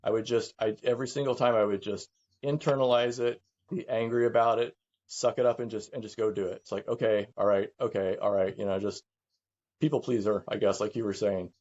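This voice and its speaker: A middle-aged man speaking candidly as a guest, halting and reflective, often repeating words as he works through his thoughts. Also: medium pitch, fairly even intonation, darkish tone, lo-fi sound. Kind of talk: candid conversation.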